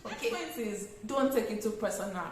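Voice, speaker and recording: A young Nigerian woman with a Nigerian accent giving customer service tips in a casual vlog, animated and acting out exchanges with customers. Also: mid-range voice, fairly quick, very echoey, slight background noise, low-quality recording. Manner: animated, acts out customer exchanges, laughs often. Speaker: small business owner giving tips.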